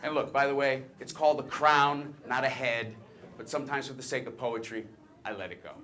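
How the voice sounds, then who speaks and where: A man's voice: mid-range voice, fairly even intonation, a little fast, pushed and bright, pitched below the performer's own voice, lightly acted. A man performing a stage comedy monologue as a brash, chatty talking penis, teasing the audience with cocky patter. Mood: wisecracking.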